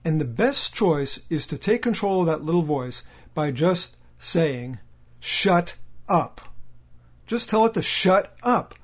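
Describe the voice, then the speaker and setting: A man coaching salespeople in a motivational training talk, with a voice that sits a little higher than most men's. He speaks directly and emphatically to the listener, often stopping to ask a rhetorical question. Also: expressive, measured pace, few pauses.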